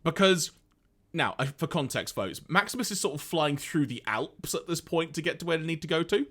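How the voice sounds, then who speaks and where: Lively male podcast co-host. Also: on the high side, a little fast. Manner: animated storyteller, reads out lines, laughs often. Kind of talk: casual podcast recap.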